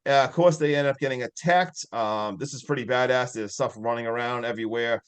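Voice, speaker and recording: A man's voice: medium pitch, a little fast, clear, resonant tone. A man casually recapping a film as a podcast co-host, rambling with fillers and frequent laughs.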